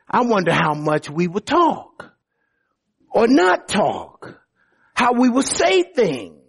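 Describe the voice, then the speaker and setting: A high-pitched man delivering a sermon as pastor. He moves between calm teaching and lively, excited stretches that climb into shouts, and he trips over restarts and repeated words as he goes. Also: slightly rough. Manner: animated preaching, rising to shouts when worked up; stammers and restarts often.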